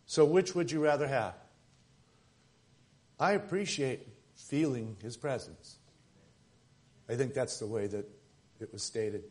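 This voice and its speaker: Male pastor, mid-pitched voice, preaching sermon with dynamic loud-to-hushed delivery. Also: takes it slowly, pauses often. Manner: preaching with swings between loud emphasis and soft near-whispers. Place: church service.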